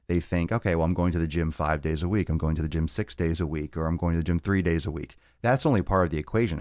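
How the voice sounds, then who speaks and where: Deep-voiced man rambling on a live stream. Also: a little mellow, dry recording, clean studio sound. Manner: profane, rambling, joking. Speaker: podcast host. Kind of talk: casual live-stream monologue.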